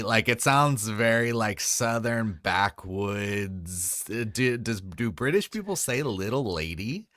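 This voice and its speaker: A man's voice: on the low side, unhurried, hardly any pauses, a bit bright, dry recording, studio quality. A man co-hosting a podcast, giving frank opinions in casual conversation. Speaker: podcast co-host. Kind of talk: casual chat.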